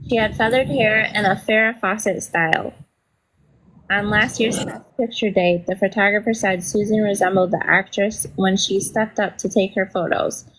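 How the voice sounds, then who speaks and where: A woman's voice: medium pitch, fairly even intonation, normal speed, a bit bright, slight background noise, low-quality recording. A woman reading a novel aloud during a casual stream, with brief asides and spelled-out words.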